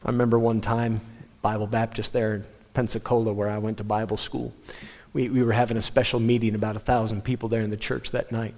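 A man preaching a sermon, telling stories animatedly with quick restarts. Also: on the low side. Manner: animated storytelling, self-interrupting restarts. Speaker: pastor. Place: church sanctuary. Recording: long hall reverb.

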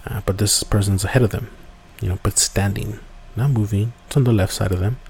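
A man's voice: lowish voice, steady tone, fairly quick, creaky, darkish tone, slight background noise. A man hosting a podcast, telling a story casually with many fillers and restarts. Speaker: podcast host.

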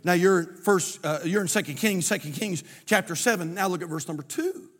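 A man's voice: sits high, fairly quick, fairly bright tone, big-room sound. A man preaching a sermon as pastor, building his points with emphatic, rising repetition in a church sanctuary.

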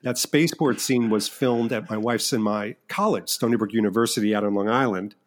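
A middle-aged man talks as a guest in a relaxed interview. He tells behind-the-scenes stories in an animated, self-mocking way. He often stumbles and restarts mid-sentence. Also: lowish voice, brisk. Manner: animated, self-deprecating storyteller with frequent restarts. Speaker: filmmaker guest. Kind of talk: casual interview chat.

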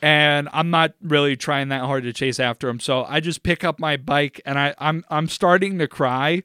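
A man's voice: fairly high pitch, fairly even intonation, moderate pace, bright, forceful tone, clean tone, dry recording, studio quality. A young man co-hosting a podcast, telling a rambling, profane story in casual chat and laughing along the way. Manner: profane, rambling, laughs through his stories. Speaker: podcast co-host.

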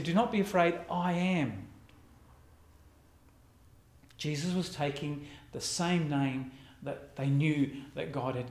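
Pastor preaching in an echoey room. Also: male voice, on the high side. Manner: reflective, conversational preaching with pauses. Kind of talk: sermon.

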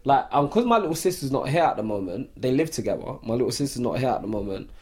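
Young podcast host, husky, animated storyteller, mid-pitched. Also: male voice, quick pace. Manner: animated storytelling full of "like" fillers. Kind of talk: casual chat.

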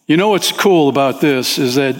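A man preaching as a pastor, talking with the congregation in an easygoing way and often saying "man", and his pitch rises sharply when he voices desperate pleas. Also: lively intonation, normal speed. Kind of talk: sermon. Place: church sanctuary. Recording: long hall reverb in a church.

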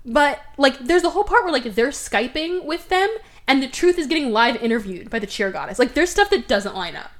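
This podcast host has a high, brisk voice with lively intonation. She animatedly recaps a movie's plot in casual conversation, acting out the characters' lines and swearing freely.

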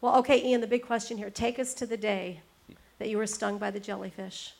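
Woman host, flat even delivery, affirming, faith talk show. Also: medium pitch, a little fast, creaky. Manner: warmly affirming, says amen. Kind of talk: casual chat.

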